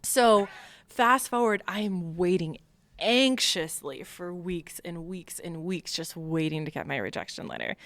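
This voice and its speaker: A woman from Long Island, a podcast guest, telling her story in a lively way, laughing often and acting out dialogue. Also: fairly low pitch, measured pace, dry recording. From Long Island, United States. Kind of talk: casual storytelling interview.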